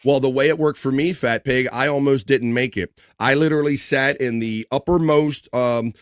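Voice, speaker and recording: A man hosting a casual livestream, reading out viewer comments with loose, joking shout-outs and easy laughs. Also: medium pitch, steady tone, moderate pace, no echo, clean studio sound. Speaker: livestream host.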